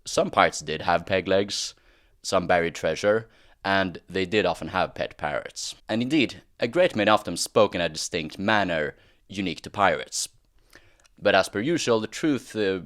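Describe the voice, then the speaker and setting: A man's voice: low voice, normal speed, fairly bright tone, no room sound, clean studio sound. A man hosting a history explainer, talking in a casual, wry way with the odd "uh". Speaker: history channel host. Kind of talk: explainer narration.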